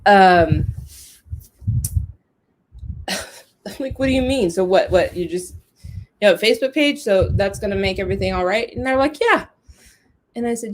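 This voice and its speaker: A woman's voice: mid-range voice, moderate pace, a little hiss or hum. A young adult woman hosting a podcast, telling a personal story in a candid, emotional way and swearing freely. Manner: candid and profane, emotional, animated quoting. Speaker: podcast host. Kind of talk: casual storytelling monologue.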